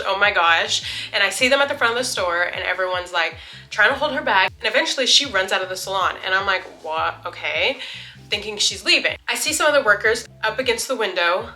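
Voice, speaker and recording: Woman vlogger doing her makeup and spilling a story, bright clear voice, says like constantly. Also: mid-range voice. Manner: chatty, lots of "like", animated retelling. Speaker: beauty vlogger.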